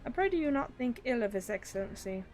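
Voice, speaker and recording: A woman's voice: on the high side, sing-song, darkish tone, soft background music, poor audio. A woman voicing a polite, formal young boy envoy in a fantasy game, reading his lines in her own voice. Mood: earnest. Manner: courteous, earnest, measured.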